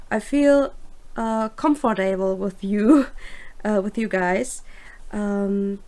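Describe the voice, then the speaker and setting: A German woman talks slowly and haltingly in English, pausing with fillers as she looks for the right word. Her accent is plain, her pitch is mid-range, and she sits close to a clean studio microphone. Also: creaky. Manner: hesitant, searching for words. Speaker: livestream host, illustrator. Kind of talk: casual livestream chat.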